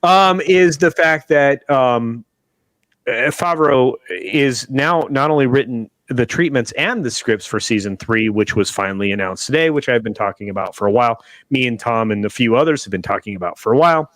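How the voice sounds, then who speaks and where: A man's voice: mid-range voice, normal speed, a bit bright, no room sound. A man hosting a casual livestream chat over a video call, talking emphatically with restarts and insistent asides. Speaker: show host. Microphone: video call webcam.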